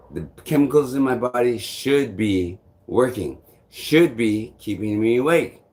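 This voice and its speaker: A man with a somewhat low voice talks straight to his vlog audience. He rambles through a personal story, loops back on himself with "I'm like," swears casually and chuckles along the way. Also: a little mellow. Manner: meandering, repeats "I'm like", swears freely, chuckles often. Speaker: vlogger.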